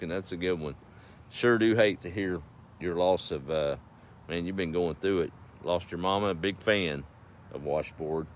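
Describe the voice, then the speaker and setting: A man's voice: low-pitched, a little hiss or hum. A man hosting a casual live stream, reading out viewer comments and greeting them in a folksy, easygoing way. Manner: folksy, warm greetings to viewers, drawling slow.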